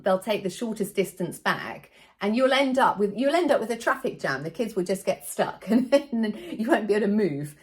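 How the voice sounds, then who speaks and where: Brief: woman, kids' party entertainer, playful teaching tone, pitch bouncing all over. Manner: animated and playful, acting out children's voices. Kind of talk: how-to video explanation.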